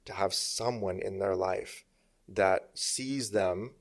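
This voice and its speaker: Emphatic low-voiced male business coach. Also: slow pace. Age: middle-aged. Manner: emphatic, uses sparring metaphors, asks "make sense?". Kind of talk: conversational podcast interview. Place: podcast studio.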